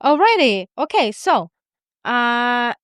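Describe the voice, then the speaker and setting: A woman's voice: a little high, sing-song, takes it slowly, no room sound, studio quality. A woman co-hosting a podcast in casual chat, candid and profane, with lots of filler words. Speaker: podcast co-host.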